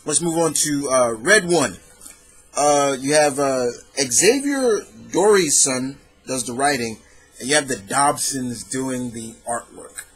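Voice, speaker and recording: A man's voice: mid-range voice, slow pace, breathy edge, soft background music. Rambling man reviewing comics. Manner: rambling, animated, self-correcting. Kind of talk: casual solo review talk.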